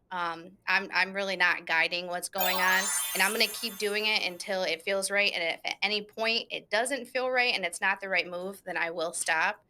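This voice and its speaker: A woman hosts an interview podcast. She chats casually and reflects openly on her own work. Her voice is bright and forceful. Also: mid-range voice, slight background noise. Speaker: podcast host.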